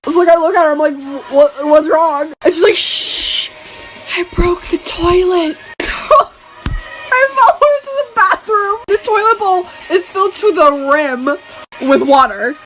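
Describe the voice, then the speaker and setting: A woman's voice: very high voice, lively intonation, normal speed, a bit bright, faint music behind. A woman telling a casual storytime anecdote, animatedly acting out her friends' lines.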